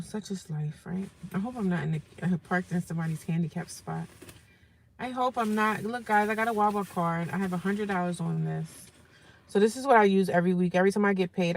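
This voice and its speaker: A woman's voice: lowish voice, fairly quick, vocal fry, darkish tone, distant mic, slight background noise, rough recording. A tired woman chatting casually to viewers in a vlog, venting about her day while sitting in her parked car. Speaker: vlogger. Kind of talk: casual vlog chat to camera.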